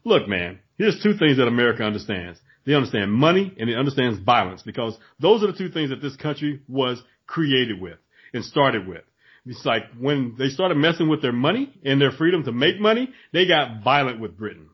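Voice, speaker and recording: A man talking in an animated casual chat, acting out voices in his stories. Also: medium pitch, a little fast, husky. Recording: dull lo-fi recording.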